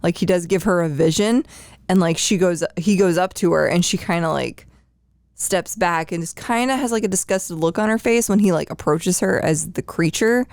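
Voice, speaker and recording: A woman with a fairly low voice chats on a movie podcast. She tells little stories in an easy, relaxed way. Her voice sounds close and dry. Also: moderate pace, no echo. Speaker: podcast co-host. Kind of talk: casual movie chat.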